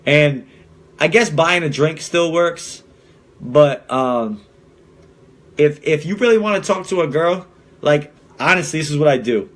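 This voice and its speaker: A man's voice: on the high side, unhurried, pauses often, a bit bright. A young man hosting a podcast, talking in a blunt, profane, rambling way with many restarts. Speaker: podcast host. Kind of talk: casual monologue.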